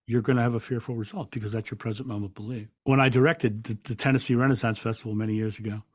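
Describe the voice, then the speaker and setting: A man guest on an interview podcast, telling stories in a calm, reflective way with frequent restarts. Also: medium pitch, fast talker, dry recording, clean studio sound. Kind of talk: relaxed storytelling in an interview.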